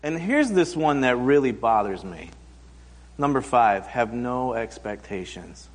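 A pastor in his thirties gives a conversational sermon, telling stories and acting out quoted voices for laughs. He speaks at a measured pace with a medium pitch and lively intonation, and the hall adds a long reverb.

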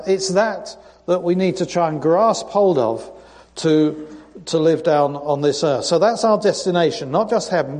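A man gives a sermon from the front of a church. His voice sits slightly high and his tone is chatty and informal, and he gets louder and more earnest when he reads scripture. A long reverb from the church hall hangs after his words. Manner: conversational, reads scripture with rising emphasis. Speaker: preacher. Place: church sanctuary.

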